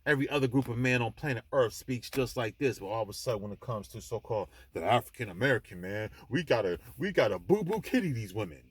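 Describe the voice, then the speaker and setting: A man's voice: mid-range voice, lively intonation, fast, few pauses, husky. A man hosting his own vlog, delivering a blunt, emphatic, preachy monologue with frequent restarts, speaking from an airport. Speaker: vlog host. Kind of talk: impassioned monologue to the camera.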